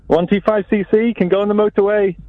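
A man's voice: high-pitched, steady tone, fast talker, dry recording. A man calling in, hesitant and full of salesman patter. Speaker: caller. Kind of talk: playful phone-in haggling. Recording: thin phone line.

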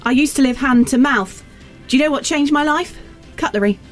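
A woman's voice: high-pitched, fairly quick, soft background music. A woman co-hosting a radio show, teasing in casual banter and reading out jokes dryly. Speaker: radio co-host. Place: radio studio.

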